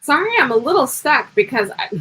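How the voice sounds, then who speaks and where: A woman's voice: high-pitched, expressive, normal speed, fairly bright tone, husky, low-quality recording. A woman in her thirties giving a live-streamed tarot reading, talking in loose, rambling stretches. She giggles often and calls viewers pet names like honey and darling. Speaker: tarot reader.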